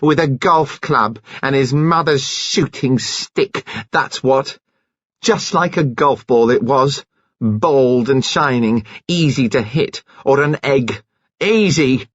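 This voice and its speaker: A man's voice: mid-range voice, takes it slowly, no room sound, dull audio, pitched above the performer's own voice. A man reading an audiobook and voicing a bitter, brash young woman who spits out spiteful outbursts. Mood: furious.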